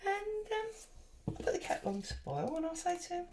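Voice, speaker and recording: A woman's voice: very high voice, very animated, brisk, a little mellow. A middle-aged woman, chatting and telling a rambling story while she does paper crafts at home. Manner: chatty, rambling, wanders off and back to her story. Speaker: craft vlogger.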